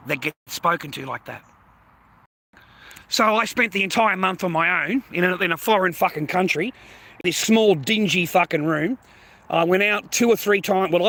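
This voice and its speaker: High, bright-voiced man ranting crudely. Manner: crude, profanity-heavy, blunt. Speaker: livestreamer. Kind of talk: ranting livestream monologue.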